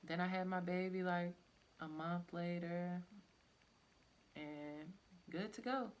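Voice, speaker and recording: Speaking slowly in a fairly low pitch, a young woman rambles through a personal story. She keeps it loose and casual, full of "like" and "I'm like" asides.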